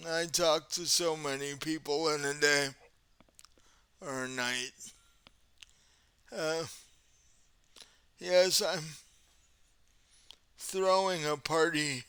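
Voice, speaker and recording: A courteous, centuries-old vampire prince, spoken by a man in his own voice in a tabletop game. He talks very slowly with unhurried calm, and his voice is bright and crisp. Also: on the high side, no echo, heavily acted.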